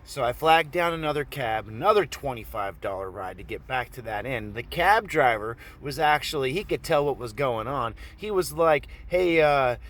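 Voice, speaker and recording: A man from Oregon casually telling a personal story in a rambling, profane, animated way. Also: medium pitch, normal speed, hardly any pauses.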